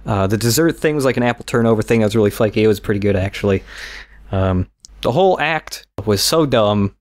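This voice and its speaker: A man's voice: lowish voice, animated, fairly quick. Young man, podcast co-host, casual rambling storyteller, swears, laughs a lot. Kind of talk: casual chat.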